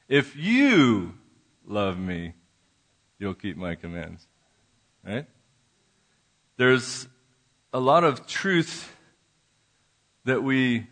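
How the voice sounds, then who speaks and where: Male minister, relaxed preaching style, stumbles and restarts, mid-range voice, church setting. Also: mid-range voice. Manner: conversational, halting with restarts, drops to a soft voice in prayer. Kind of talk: sermon. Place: church sanctuary.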